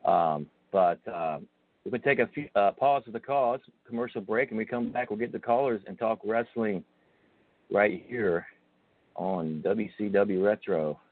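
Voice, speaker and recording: Laid-back radio host, low and tinny. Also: male voice, a little slow, no echo. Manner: laid-back, filler-heavy. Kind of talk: casual radio talk. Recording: tinny phone-like radio audio.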